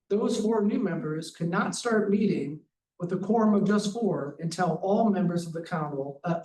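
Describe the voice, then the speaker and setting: An advocacy director gives formal public comment to a council, measured and precise, reading statute text aloud in a slightly high, darkish voice. He's picked up from a distance in a roomy, echoing hall with faint hiss beneath.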